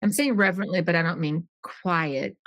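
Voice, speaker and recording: A woman's voice: on the low side, normal speed, no room sound. A middle-aged woman tells a personal story in an earnest, rambling podcast conversation. She restarts her sentences often and slips into acting out what others said. Her voice is recorded close and dry, with no room sound.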